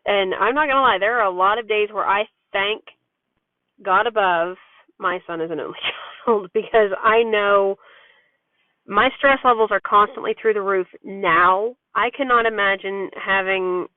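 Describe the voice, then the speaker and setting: Talking at normal speed in a medium-pitched voice, a woman candidly chats through a rambling vlog about her experiences as a parent. Nothing echoes; the recording is dry and thin, resembling phone audio.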